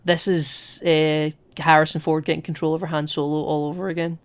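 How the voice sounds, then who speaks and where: A man co-hosting a podcast, talking casually and with opinions about a film, retelling scenes in an animated way and swearing now and then. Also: a little high, a little fast, clear, resonant tone. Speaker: podcast co-host.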